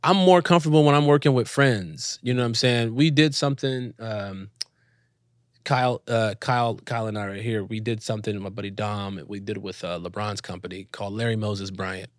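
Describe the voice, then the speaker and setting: A man's voice: on the low side, fairly quick, no echo. Man, 30s, casual storytelling, dry close mic. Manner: animated storyteller, mimics voices, laughs often. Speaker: guest actor. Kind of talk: casual interview chat.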